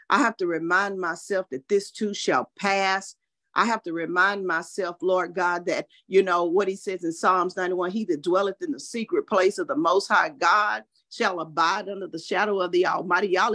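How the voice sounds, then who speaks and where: A woman's voice: lowish voice, a bit bright, no echo, studio quality. A woman hosting a faith-based morning show, encouraging listeners in a preachy, uplifting way and quoting scripture. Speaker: host.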